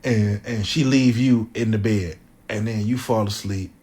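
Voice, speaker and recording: A man's voice: lowish voice, fairly even intonation, measured pace, a little mellow. A man on a podcast telling a made-up story in vivid, slangy casual chat.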